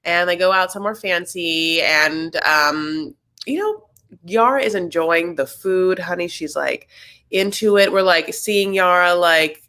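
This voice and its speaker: A woman's voice: lowish voice, moderate pace, a bit bright. A woman co-hosting a casual reality TV recap show, chatty and gossipy, calling people honey. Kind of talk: casual chat.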